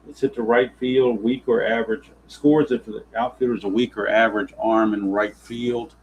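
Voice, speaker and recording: A lower-voiced man calls a tabletop baseball game play by play, reading out dice results. He grumbles and turns sarcastic whenever the rolls go against him. A faint hiss of background noise sits under his voice. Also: little pitch movement, moderate pace, low-quality recording. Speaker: tabletop baseball simulation player narrating. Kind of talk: play-by-play style game narration.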